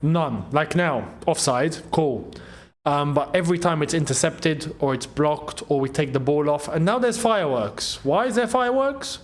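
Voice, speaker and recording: A young man hosting a live football watchalong, reacting excitedly to play and reading viewer comments aloud with frequent laughs. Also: on the high side, normal speed. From Algeria. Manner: excitable, laughs often, reads chat aloud.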